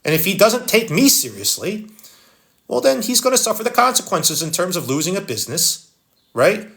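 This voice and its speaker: A man's voice: high voice, sing-song, normal speed, vocal fry, fairly bright tone. A man with a Philadelphia accent hosting a casual live stream, reading viewer comments aloud and answering them bluntly. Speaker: livestream host reading comments.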